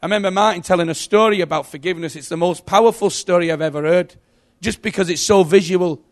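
A middle-aged man giving an emotional sermon testimony, telling stories and swinging from hushed to loud. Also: sits high, fast. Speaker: preacher.

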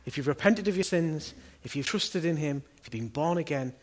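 A man's voice: fairly high pitch, lively intonation, fairly quick. A middle-aged man preaching a sermon in a church, talking earnestly and conversationally and asking his listeners question after question. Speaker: pastor.

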